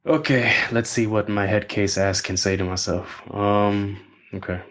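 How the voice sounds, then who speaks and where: Low flat-voiced guy, halting, swears a lot, choked up near tears. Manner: hesitant, halting, swears casually. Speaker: coach. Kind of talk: casual group conversation.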